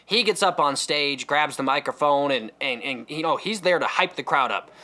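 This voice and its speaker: A man telling a comedic story and acting out the voices of other people. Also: normal speed. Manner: animated, acts out other people's voices with big pitch jumps. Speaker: comedy podcast host.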